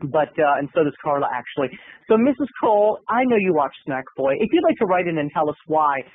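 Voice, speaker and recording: Campy vlogger guy storytelling, husky voice, dry tinny phone audio. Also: on the high side, big pitch swings, brisk, no echo. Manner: campy, theatrical, flamboyant. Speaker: video blogger. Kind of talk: comic storytelling to camera.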